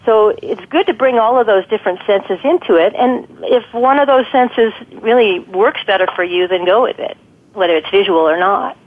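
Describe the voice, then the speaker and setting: A woman speaks over a thin, tinny telephone line, her pitch sitting in an ordinary middle register. She explains her advice patiently and thoughtfully, often pausing with ums as she works through her points. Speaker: guest expert on guided imagery. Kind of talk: conversational interview advice.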